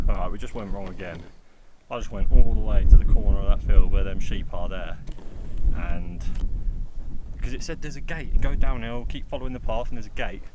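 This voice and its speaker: A man vlogging outdoors in loud wind. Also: on the low side. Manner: swears freely, blunt and exasperated when lost. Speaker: hiking vlogger. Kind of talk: vlogging while hiking. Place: outdoors in open fields. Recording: loud wind noise on the mic.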